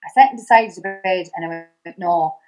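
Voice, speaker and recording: A woman's voice: mid-range voice, fast talker, a little mellow, faint music behind, rough recording. A middle-aged woman with an Irish accent, a podcast guest telling a painful personal story, repeating herself and acting out the dialogue with her voice climbing. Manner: repeats "I said" constantly, re-enacts dialogue with rising voice.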